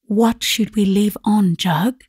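A woman's voice: medium pitch, takes it slowly, a little mellow, slightly rough, dry recording, clean studio sound. A woman reading the part of a timid, vague younger spinster sister who speaks meekly and hesitantly. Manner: meek and hesitant.

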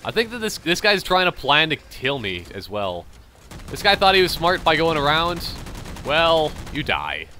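A man's voice: on the high side, big pitch swings, normal speed, sharp tone, slight background noise. A young man with a light Canadian accent, rambling chattily as he comments on his own gameplay. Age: young adult. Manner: rambling, chatty, thinking aloud. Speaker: gamer commentator.

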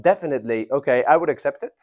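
A man's voice: medium pitch, animated, a little mellow, lo-fi sound. Man teaching an English grammar class. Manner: drawn-out emphatic prompting of students.

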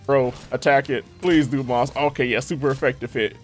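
A young man giving lively gameplay commentary, talking to the game characters with frequent exclamations. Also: mid-range voice, a little fast, soft background music. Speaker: gaming YouTuber.

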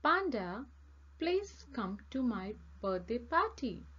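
A woman's voice: fairly high pitch, sing-song, slow pace, a bit bright, husky, dull audio, heavily acted. A woman voicing a prim little girl doll who hosts a birthday party, polite but firm. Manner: polite then firmly refusing.

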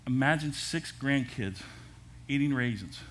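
Older male pastor preaching lively. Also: mid-range voice, a little slow. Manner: lively preaching with jokes and asides. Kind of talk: sermon. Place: church service.

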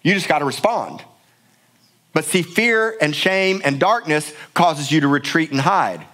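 A man's voice: fairly high pitch, expressive, a little slow, a bit bright. Fervent pastor man preaching. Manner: passionate, emphatic preaching with repeated words. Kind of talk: sermon. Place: church sanctuary.

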